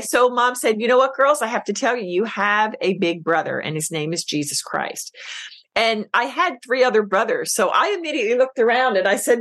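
Emotional, animated woman telling her story. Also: a little high. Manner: emotional, animated storyteller who acts out quotes. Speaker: podcast guest, business coach. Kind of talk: casual interview chat.

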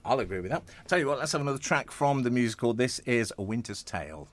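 A man's voice: mid-range voice, fast talker. A man hosting a hospital radio show, chatting casually and joking with his guests in the studio. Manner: chatty, jokey, lively. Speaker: radio host.

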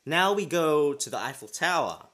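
A man's voice: fairly high pitch, very animated, normal speed, pushed and bright. A young man hosting a podcast, telling a personal story in a rambling way with many restarts. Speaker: podcast host. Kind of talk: casual chat.

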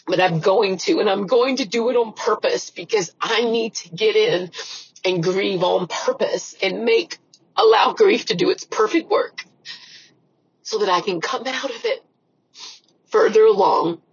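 Through tears, a middle-aged faith podcast host talks earnestly and prays aloud, emotionally repeating phrases as she cries. Her medium-pitched voice is husky and a little slow, and the audio sounds dull.

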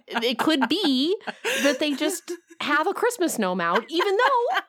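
A woman's voice: high voice, very animated, moderate pace, fairly bright tone. A woman co-hosting a podcast in casual chat. She tells a story with lots of fillers and restarts. She acts out other people's lines and laughs along the way. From United States. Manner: chatty storyteller, acts out quotes, laughs often. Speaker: podcast co-host.

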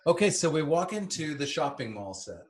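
Here a middle-aged man's slightly high voice swings widely in pitch as he talks a little fast. Once an actor on the series, he now co-hosts a laid-back rewatch podcast, teasing and wry about his time on the show and breaking into playful put-on voices.

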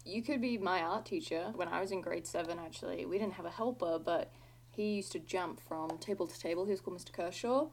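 A woman's voice: fairly low pitch, brisk, creaky, a little mellow, slight background noise. An Australian woman in her twenties co-hosting a podcast, chatty and giggly, rambling with lots of "like". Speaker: podcast co-host. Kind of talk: casual chat.

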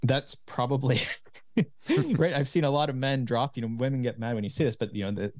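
A man's voice: medium pitch, animated, brisk, darkish tone, no room sound. A man speaking as a podcast guest over a video call, explaining health habits in a casual, coaching way. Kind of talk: casual interview chat.

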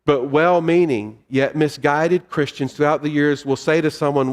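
A male pastor preaching a sermon with measured pauses and repetition in a church sanctuary. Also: a little high. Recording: long reverb of a hall.

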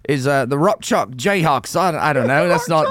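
A man's voice: a little high, lively intonation, unhurried, fairly bright tone, slight background noise. A man putting on a cheery Australian footy-loving bloke with mock slang that drifts toward cockney.

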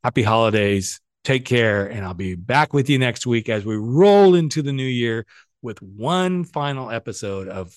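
A man's voice: mid-range voice, expressive, normal speed. A middle-aged man hosting a podcast, giving a casual motivational monologue with playful, cheeky asides. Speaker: podcast host and coach.

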